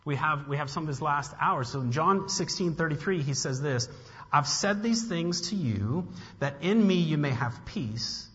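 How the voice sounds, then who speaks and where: A pastor preaching a conversational sermon, with frequent restarts and casual fillers. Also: male voice, a little high, expressive, normal speed, fairly bright tone. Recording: dull sound with long hall reverb.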